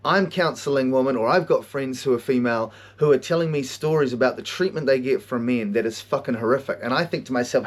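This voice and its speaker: A man hosting a podcast, telling stories in an animated way, swearing a lot and often laughing. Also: mid-range voice, quick pace, hardly any pauses. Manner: animated storytelling, heavy swearing, frequent laughter. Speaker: podcast host and counselor. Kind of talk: casual monologue.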